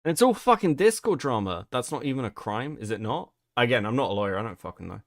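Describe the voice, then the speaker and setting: A British man hosting a live stream, reacting with profane, mocking commentary. His voice swings widely in pitch as he jeers. The sound is dry and close, with no room around it. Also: very animated, fast, no echo. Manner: profane, mocking, loud outbursts. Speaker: streamer host.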